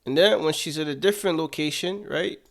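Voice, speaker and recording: A man's voice: fairly high pitch, a little fast, creaky, heavy background noise. A man delivering political commentary, emphatic and indignant, repeating his points for weight.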